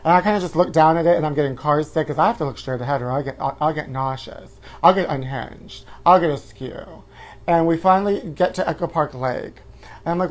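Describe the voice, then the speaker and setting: A man's voice: a little high, a little fast. Campy guy hosting a live gossip show, says honey a lot, goes woo. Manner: campy, flamboyant, calls viewers honey, shrieks woo. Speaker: host. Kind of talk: live-stream chat show.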